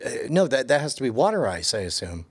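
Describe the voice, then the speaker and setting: A man's voice: mid-range voice, very animated, fast talker, breathy edge. A man co-hosting a podcast, joking in casual chat with hesitant restarts. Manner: jokey, laughs easily, hesitant restarts. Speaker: podcast co-host.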